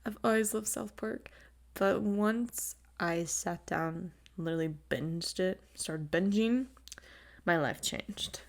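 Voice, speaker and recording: A woman's voice: on the low side, slow. A young adult woman hosting her own podcast in casual chat, gushing and chatty, laughing often and swearing casually, on a new mic with no windscreen. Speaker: podcast host. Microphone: new desk mic without windscreen.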